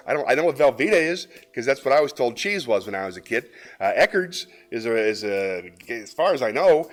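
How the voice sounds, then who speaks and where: A man's voice: mid-range voice, a bit bright. A man hosting a live stream, chatting casually with viewers and joking about their comments in a playful way. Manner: playful, jokey, reads chat comments aloud. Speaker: host of a live variety stream.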